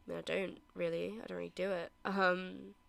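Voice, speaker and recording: A woman's voice: lowish voice, little pitch movement, a little fast, a bit bright. A British woman chatting casually to her viewers while she plays a game, giggling often. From Britain. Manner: chatty and giggly, talks to chat. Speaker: streamer. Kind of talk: casual live-stream chat while gaming. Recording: clear background music. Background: music.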